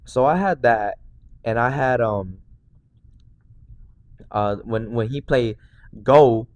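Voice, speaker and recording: A man in his twenties, a podcast host, telling a story in excited, slangy casual chat full of fillers. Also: medium pitch, slow. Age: 20s.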